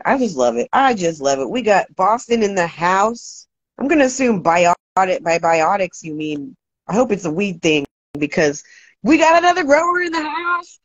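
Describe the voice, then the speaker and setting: A woman hosting a casual livestream, talking fast and loose, swearing freely and ranting, shouting out viewers. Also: low-pitched, no echo. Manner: profane, animated, ranting. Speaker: livestream host. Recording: dry, dull lo-fi sound.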